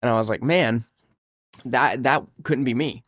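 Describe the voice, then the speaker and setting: A young man co-hosting a podcast, casually telling a story in an animated way while sick and feeling weak. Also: medium pitch, measured pace, no echo, studio quality. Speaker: podcast co-host. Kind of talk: casual chat.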